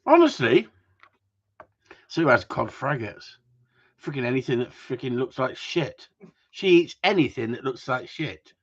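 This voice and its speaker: A livestream host with a mid-range, slightly rough voice chats at a moderate pace with his live audience. He rambles, swears, and trades jokes, and the recording has a dull lo-fi quality.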